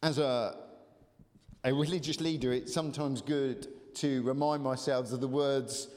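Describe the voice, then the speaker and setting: A male pastor preaching a lively sermon to a congregation, urging them to call out, with frequent fillers and restarts. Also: medium pitch, measured pace. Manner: animated, urges congregation to call out. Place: church hall. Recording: long hall reverb.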